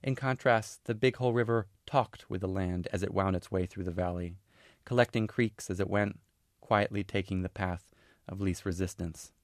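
A man reading a passage from his own novel aloud, in a measured, unhurried storytelling manner with pauses. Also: low-pitched, dry recording, clean studio sound. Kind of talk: audiobook-style reading of literary fiction.

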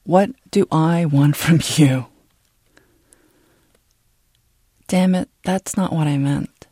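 Woman doing a furious middle-aged father, volatile, yelling and muttering, dry audiobook read. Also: low voice, measured pace, breathy edge, no room sound. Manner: shouting in bursts of rage, then bitter muttering.

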